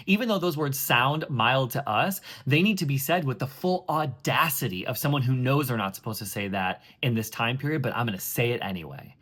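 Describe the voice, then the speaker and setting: Lively, animated man giving coaching tips. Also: mid-range voice, a little fast, few pauses. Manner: lively, chatty, expressive with playful emphasis. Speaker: Broadway audition coach. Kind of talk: direct-to-camera coaching tips.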